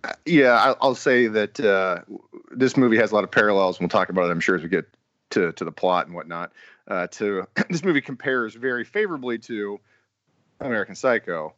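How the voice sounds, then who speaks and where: A man's voice: fairly low pitch, fairly quick, a bit bright, no room sound, muffled recording. A man hosting a casual film discussion podcast and steering the talk. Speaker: podcast host.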